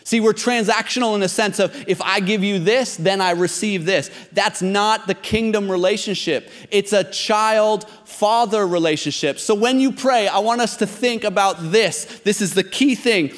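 A pastor in his thirties gives a sermon in a church hall with a high-pitched voice at normal speed, scarcely pausing. He moves from conversational talk to emphatic insistence and finally exhortation. The recording echoes with the long reverb of a large hall.

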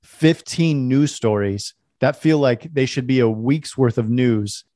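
A man's voice: medium pitch, unhurried, dark tone, dry recording, studio quality. A man hosting a podcast interview, talking casually and enthusiastically, often laughing. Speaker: podcast host. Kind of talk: conversational interview.

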